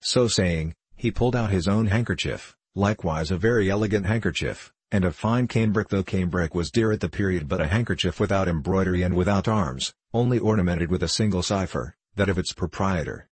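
A male audiobook narrator with a deep, slightly husky voice. He reads in a steady, measured way, recorded close and dry with no room sound. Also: no echo. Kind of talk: scripted narration.

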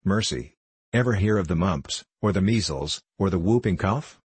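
A man's voice: low voice, expressive, moderate pace, breathy edge, dry recording, exaggerated voice. A man voicing a queer, folksy old male hatter in a storybook reading. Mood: indignant. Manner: folksy, says ain't.

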